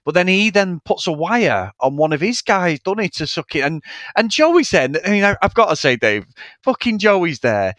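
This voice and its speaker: A man's voice: sits high, moderate pace, dry recording. A man co-hosting a casual film review podcast, talking in a sweary, mocking way. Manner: sweary, animated, mocking impressions. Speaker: podcast co-host.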